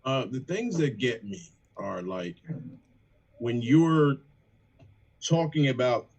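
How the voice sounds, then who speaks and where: A man, a rapper in a band, chatting casually on a livestream, animated and profane as he breaks down lyrics. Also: medium pitch, slow, muffled recording.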